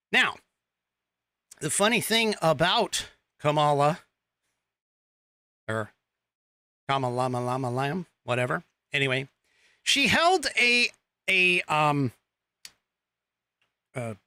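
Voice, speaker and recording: A male podcast host with a fairly high, bright, forward voice delivers a slow, drawn-out political monologue. He rambles, halts often with many fillers, restarts sentences, and slips in sarcastic asides. The sound is dry and close, without room echo.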